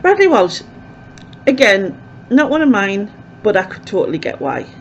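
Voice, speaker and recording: This vlogger talks to camera in a loose, rambling way full of fillers, her medium-pitched voice swinging hugely in pitch at a normal speed. The lo-fi recording sounds dull, with a faint hiss or hum.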